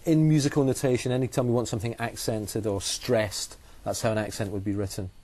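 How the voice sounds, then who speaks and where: A man teaches guitar in a steady, mid-pitched voice. He explains each point with patience and method, going back over his key phrases. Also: brisk. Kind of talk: explaining guitar technique in a lesson.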